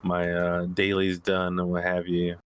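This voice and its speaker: Low-voiced man hosting a podcast. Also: measured pace, clean tone. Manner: relaxed, swears freely, restarts often. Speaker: podcast host. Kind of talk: casual chat.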